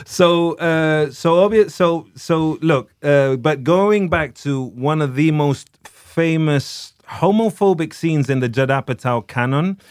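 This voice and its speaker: A man's voice: on the high side, slow pace, few pauses, darkish tone, clear, resonant tone, dry recording, clean studio sound. Chatty man hosting a podcast. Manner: chatty, restarts often, emphatic. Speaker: podcast host. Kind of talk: casual commentary on film.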